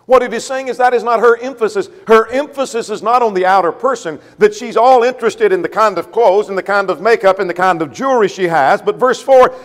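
A man's voice: high-pitched, long reverb tail. A man preaching a sermon to a congregation, emphatic, repeating a refrain and putting questions to his listeners.

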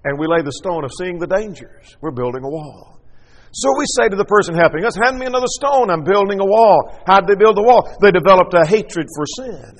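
A man's voice: high voice, animated, a little fast, long reverb tail. A man preaching a sermon with emphatic delivery, acting out quoted dialogue as he goes.

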